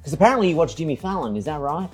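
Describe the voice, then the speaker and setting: A man interviewing a guest in casual chat, teasing and firing quick questions. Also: on the high side, very animated, darkish tone, slightly rough, faint music behind. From Australia.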